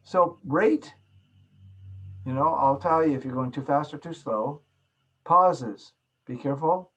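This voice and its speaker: The voice is fairly high, husky, and a little slow, captured in lo-fi sound: a man from Canada giving a recorded class lecture. He emphasizes and repeats key words and demonstrates both soft and loud delivery.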